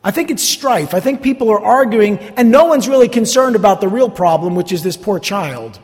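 A man from North Jersey preaches with a New Jersey accent, keeping it conversational with sarcastic asides and repeated words. His high, darkish voice has lively intonation, a normal speed, and few pauses, heard through long hall reverb.

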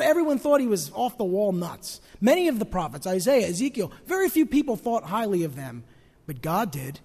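Animated high-voiced male pastor, church reverb. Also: a little fast, husky. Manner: dramatic swings between loud emphasis and hushed asides; rhetorical questions to the congregation. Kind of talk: sermon.

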